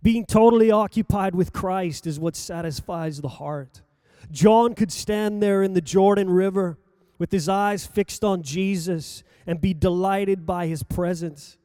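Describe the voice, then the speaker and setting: Slow, high-voiced preacher, dry sound. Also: male voice, warm tone, smooth, dry recording. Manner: slow, measured preaching that rises and falls for emphasis. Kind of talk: sermon.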